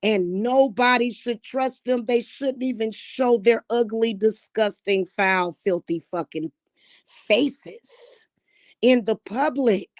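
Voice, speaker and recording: A woman vlogger ranting angrily to her viewers, swearing heavily, repeating insults and rising to shouts. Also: on the high side, slow, no echo, studio quality. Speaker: spiritual vlogger. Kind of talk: angry rant to camera.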